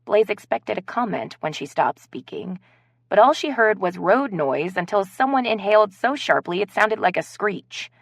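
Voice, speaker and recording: A woman narrating an audiobook in a matter-of-fact, even manner. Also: medium pitch, moderate pace, creaky, dry recording. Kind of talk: scripted narration.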